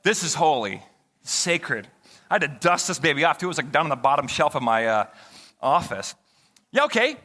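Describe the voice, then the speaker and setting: A man's voice: fairly high pitch, normal speed, big-room sound. A male pastor preaching a conversational sermon, joking and talking back and forth with his congregation in a church. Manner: animated, conversational, jokes with the congregation. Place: church sanctuary.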